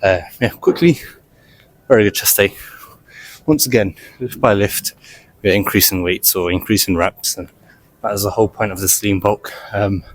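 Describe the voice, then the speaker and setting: A man's voice: on the low side, normal speed, pauses often. A man talking casually to the camera while walking on a gym treadmill, a little out of breath, rambling with many fillers. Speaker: fitness vlogger.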